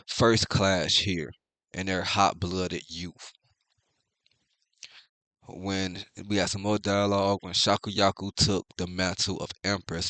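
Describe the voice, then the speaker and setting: A man's voice: deep voice, dry recording. A man giving a casual, blunt and profane review of a comic chapter, reading the panels aloud and reacting to them. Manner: blunt, profane, excitable commentary. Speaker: manga reviewer.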